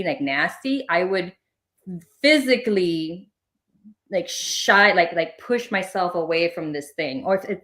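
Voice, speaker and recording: A woman with a lowish, slightly bright voice appears as a podcast guest; she is a spiritual medium. In the interview she tells personal stories casually and ramblingly, with lots of filler words.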